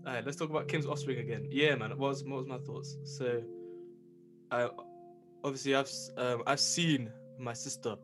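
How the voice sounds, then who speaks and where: A man's voice: medium pitch, fairly even intonation, moderate pace, music in the background. A young man in his late teens co-hosting a casual podcast, joking and slangy, laughing often. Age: young adult. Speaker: podcast co-host. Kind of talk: casual chat.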